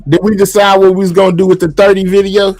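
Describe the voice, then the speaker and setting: A man's voice: high-pitched, little pitch movement, fast, darkish tone, soft background music. A man hosting a livestream in casual, laid-back talk full of slang. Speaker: livestream host. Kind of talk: casual chat.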